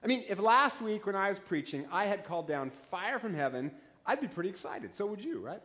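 A man's voice: sits high, big pitch swings, fairly quick, a bit bright. A man in his forties, a pastor, preaching a sermon in a joking, conversational way with rhetorical questions. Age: 40s.

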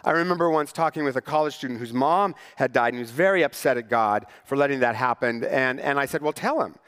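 A pastor preaching a sermon in church, conversational and wry, with rhetorical questions to the congregation. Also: male voice, medium pitch, fast, fairly bright tone, clean tone, big-room sound. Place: church sanctuary.

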